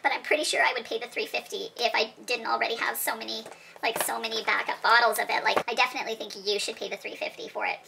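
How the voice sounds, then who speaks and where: A woman's voice: fairly high pitch, flat delivery, fast talker, gravelly, background noise, voice pushed up. A woman voicing a gushing, over-the-top female perfume reviewer, dramatic and rambling with restarts.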